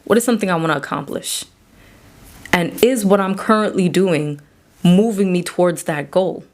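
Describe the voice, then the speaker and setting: A woman with a somewhat low voice speaks as a therapist and psychiatric provider, giving a faith-based mental health talk. She is earnest and conversational and slips into acted-out dialogue as she explains. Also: moderate pace. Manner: earnest and conversational, acts out quoted back-and-forth dialogue.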